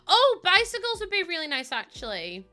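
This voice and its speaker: A woman's voice: very high-pitched, wildly swooping pitch, moderate pace, soft background music. A young woman chatting casually while streaming a building game, rambling and bubbly with plenty of ums. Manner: bubbly, greets chat warmly. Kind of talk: casual live-stream chat.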